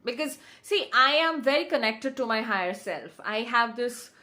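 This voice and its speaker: A woman's voice: on the high side, expressive, moderate pace, pushed and bright. A woman, a manifestation coach answering viewers on a casual livestream, repeating affirmations with insistent emphasis.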